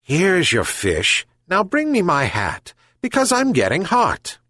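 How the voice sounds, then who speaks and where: A man's voice: sits high, huge pitch swings, takes it slowly, no room sound, voice pushed up, heavily acted. A man doing a kindly old fisherman calling out. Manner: calling out loudly.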